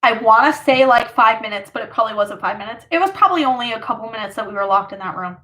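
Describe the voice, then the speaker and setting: Higher-voiced woman telling a rambling story. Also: fast talker, sharp tone. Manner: rambling, filler-heavy retelling with lots of "like". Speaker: vlogger. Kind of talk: casual storytime chat.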